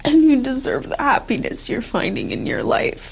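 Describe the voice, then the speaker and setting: A woman as a therapy client, speaking in a heartfelt, halting way with emotional pauses, on a dull lo-fi recording. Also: sits high, huge pitch swings, creaky, a little hiss or hum. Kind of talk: emotional therapy role-play.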